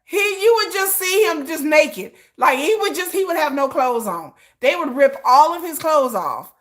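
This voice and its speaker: A woman hosting a comedic commentary tells an animated story, acting out shouts and screams and laughing often. Her voice is high and her speed normal.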